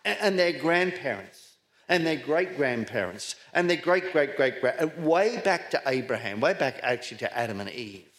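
A man's voice: medium pitch, big pitch swings, normal speed, a bit bright. A middle-aged man born in Scotland, preaching a sermon with rhetorical questions and repeated words for emphasis.

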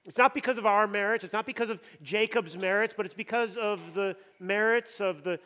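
A man's voice: high voice, a little fast, pushed and bright. A man preaching a sermon with emphasis, often repeating words as he builds up. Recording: long hall reverb.

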